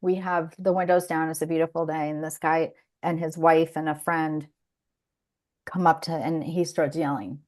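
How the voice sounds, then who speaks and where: A woman's voice: deep voice, fairly even intonation, moderate pace, darkish tone. A woman co-hosting a podcast, telling a story in casual chat, laughing often and restarting her sentences. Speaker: podcast co-host.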